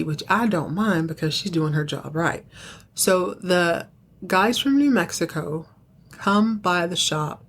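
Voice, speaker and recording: A young adult woman hosting a casual solo podcast, chattily recapping a TV soap episode with playful asides. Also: a little hiss or hum. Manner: chatty, playful, acts out characters' lines in higher voices.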